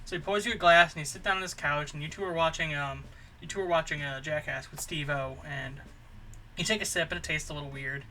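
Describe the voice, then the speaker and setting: A man spinning an improvised comic ramble, his voice very bright and a touch high. He keeps restarting and filling gaps with um's as he goes. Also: steady tone, fast talker, a little hiss or hum. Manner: rambling, full of fillers and restarts. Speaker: comedy channel host.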